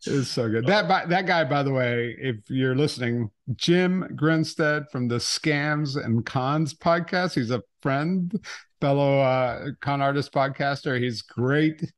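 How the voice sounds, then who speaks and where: A man chatting as a podcast guest in a relaxed interview, laughing often. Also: mid-range voice, slow pace. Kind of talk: casual interview chat.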